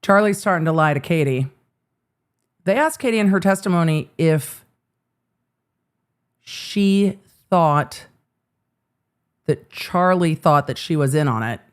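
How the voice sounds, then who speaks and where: A woman's voice: sits low, animated, slow pace, pauses often. A woman hosting live trial commentary, reacting with sarcastic, exasperated asides. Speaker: legal commentary host.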